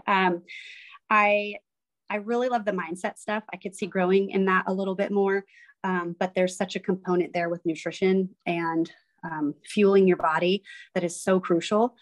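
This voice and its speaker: A woman's voice: mid-range voice, steady tone, moderate pace. A woman fitness coach chatting as a podcast guest, rambling with frequent ums and acting out other people's words. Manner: rambling, frequent ums, acts out quoted voices. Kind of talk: casual chat.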